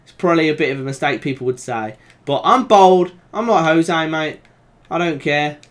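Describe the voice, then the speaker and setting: A young man with a Birmingham accent commentating over a football video game, chatting calmly and then shouting with excitement at big moments. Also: a little high, fairly quick. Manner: excitable, swings from calm chat to shouting at goals. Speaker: gaming YouTuber.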